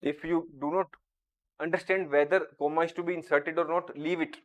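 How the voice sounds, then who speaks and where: A male teacher giving a grammar lesson, reading example sentences slowly and explaining each point deliberately. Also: fairly high pitch, steady tone.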